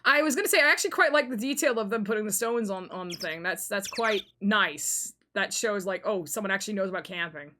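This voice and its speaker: A woman streamer commenting on a blind game playthrough with animated, joking asides. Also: medium pitch, a little fast, hardly any pauses, a little hiss or hum. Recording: loud game music behind.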